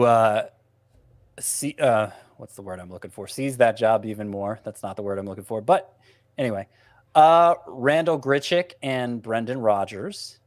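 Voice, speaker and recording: A man's voice: on the low side, no room sound, clean studio sound. A man giving fantasy baseball picks in casual podcast chat, wry and self-mocking, thinking aloud as he goes.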